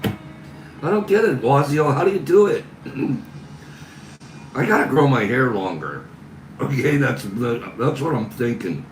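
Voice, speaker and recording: A man's voice: medium pitch, very animated, takes it slowly, long pauses, slight background noise. A man hosting a casual live stream, reading viewer comments aloud and laughing constantly. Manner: laughs constantly, giggly and teasing. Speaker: livestream host. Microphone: phone camera. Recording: echoey room with music behind.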